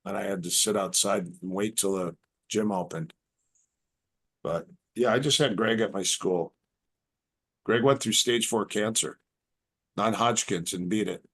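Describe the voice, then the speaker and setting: Middle-aged male podcast guest, low voice, rambling anecdotal storyteller who acts out the quotes. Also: a little slow, pauses often, fairly bright tone, husky. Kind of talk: casual storytelling.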